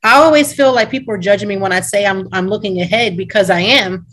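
A woman's voice: mid-range voice, quick pace, a bit bright, poor audio. A woman hosting a conversation, speaking in an earnest, reflective way. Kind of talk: conversational interview.

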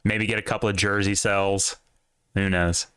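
A young man co-hosting a casual sports podcast, animated and swearing, with big jumps in pitch when excited. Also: normal speed, smooth, no room sound, studio quality. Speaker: podcast co-host.

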